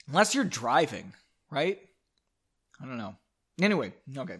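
A man's voice: fairly high pitch, moderate pace, long pauses. A man reading a story aloud, breaking off for irreverent, joking asides. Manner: animated, irreverent, self-mocking. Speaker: story reader.

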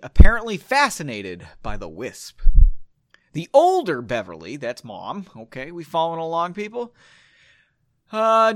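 Man, story read-aloud, jokey asides, animated, dry close sound. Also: a little high, no room sound. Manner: jokey asides, self-mocking. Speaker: story reader. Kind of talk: casual read-aloud with commentary.

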